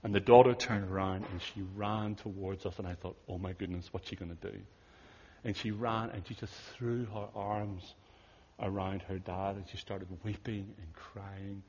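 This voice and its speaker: A man telling a story in a sermon, earnest and conversational, often dropping to hushed tones, with a husky voice. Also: lowish voice, little pitch movement, normal speed, a little hiss or hum. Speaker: pastor. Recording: dull audio in a big reverberant hall.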